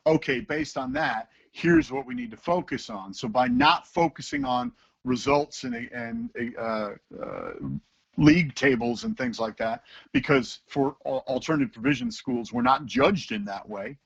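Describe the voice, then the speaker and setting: A man's voice: on the high side, moderate pace, creaky, husky, dull audio. A man, a teacher talking casually in an interview and acting out voices as he tells stories. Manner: animated storyteller who acts out voices.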